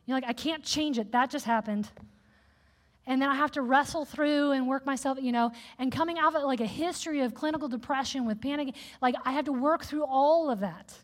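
A woman preacher giving a sermon in a candid, conversational, animated way. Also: high-pitched. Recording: echoey hall with long reverb.

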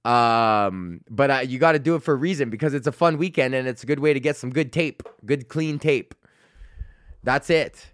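A man's voice: medium pitch, normal speed, no echo, studio quality. A young man hosting his own comedy podcast, ranting with constant swearing and frequent laughter. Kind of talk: profane solo rant.

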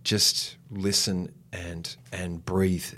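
A man, a guest on a podcast, talking in a reflective, unhurried way and slowing down to stress his points. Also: low-pitched, level tone, a bit bright. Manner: reflective, unhurried, slows for emphasis. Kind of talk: casual chat.

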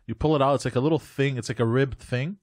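A man chatting on a comedy podcast who explains things haltingly and often repeats himself. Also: mid-range voice, darkish tone, no echo, studio quality. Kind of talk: casual comedy podcast banter.

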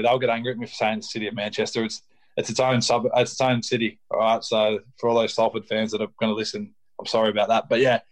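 A young Australian man, a rugby league player, talking casually as an interview guest with a laid-back, filler-heavy delivery. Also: on the low side.

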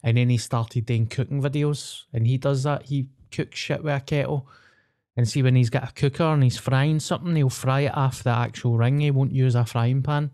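Glaswegian man, podcast co-host, rambling gossip full of swearing, mid-pitched. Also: fairly even intonation, moderate pace, dark tone. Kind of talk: casual chat.

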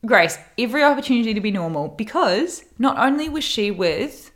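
A woman's voice: fairly high pitch, animated, a little fast. A young woman in casual chat, telling a story animatedly and acting out the quotes.

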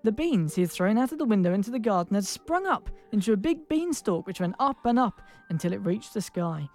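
A woman's voice: medium pitch, big pitch swings, fairly quick, a little mellow, faint music behind. A woman narrating a comic fairy tale playfully and laughing at her own slips. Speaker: storyteller.

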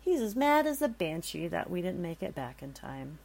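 A woman reading the lines of a calm, joking young man in a spooky story, with a low, gravelly voice. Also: moderate pace, full character voice. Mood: calm teasing.

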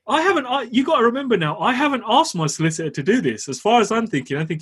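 Husky-voiced man, chatty storyteller. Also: high voice, lively intonation, quick pace, few pauses. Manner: chatty, storytelling, laughs while talking. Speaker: podcast co-host. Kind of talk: casual podcast chat.

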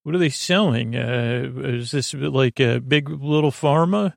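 A man's voice: medium pitch, a little slow, vocal fry, no echo, studio quality. A man voicing an incredulous young woman traveler who questions everything, within a casual episode retelling.

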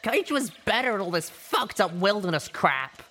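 A man's voice: high voice, big pitch swings, moderate pace, bright, forceful tone, a little hiss or hum, voice pushed up, heavily acted. A man voicing a brash, foul-mouthed teenage female griffin, talking bluntly and crudely in a storybook reading.

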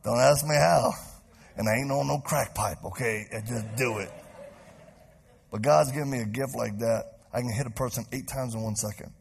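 A man preaching to a live congregation, telling a story with lively acted-out voices. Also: medium pitch, normal speed, gravelly, slightly rough. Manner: animated, acts out voices in stories. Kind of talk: sermon storytelling. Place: church stage before a live crowd.

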